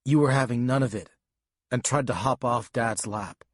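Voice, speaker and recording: Calm man narrating an audiobook. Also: medium pitch, moderate pace, dry recording, clean studio sound. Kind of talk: scripted first-person audiobook narration.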